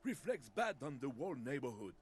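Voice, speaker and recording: A man's voice: medium pitch, sing-song, a little fast, soft background music, close to an everyday voice. An actor voicing a wry male character in a video game, speaking in a dry, mocking manner.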